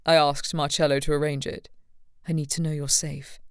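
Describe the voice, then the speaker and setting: A woman narrator voicing a protective young man of royal birth, speaking quietly, low and earnest. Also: little pitch movement, normal speed, no echo, studio quality, natural voice. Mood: tender. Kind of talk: audiobook character reading.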